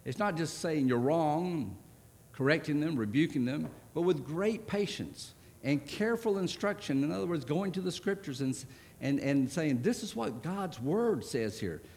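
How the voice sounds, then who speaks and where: A man preaching a sermon, stressing words hard and then dropping to a soft voice for key points. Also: on the high side, animated, normal speed, slight background noise. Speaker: pastor.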